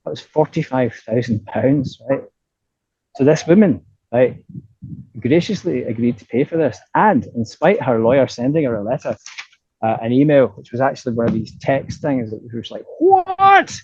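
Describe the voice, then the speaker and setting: A man's voice: mid-range voice, moderate pace, dark tone, breathy edge, no echo, muffled recording. A middle-aged man with a Scottish accent, a guest in a casual interview, telling stories animatedly, swearing freely and tagging his sentences with "right?". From Scotland.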